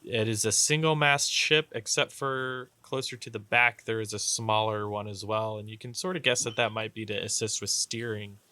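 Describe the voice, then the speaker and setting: A man's voice: lowish voice, steady tone, moderate pace, hardly any pauses, bright, forceful tone, clear, resonant tone, dry recording. A man narrating as game master in a tabletop game, rambling with lots of fillers and restarts. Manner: rambling, hesitant, many fillers.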